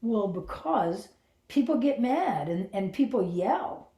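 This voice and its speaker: A woman's voice: medium pitch, sing-song, slow, mellow, roomy sound, voice pushed up. A woman voicing her own inner child, a scared little five-year-old girl who speaks in a small, hesitant, pleading way.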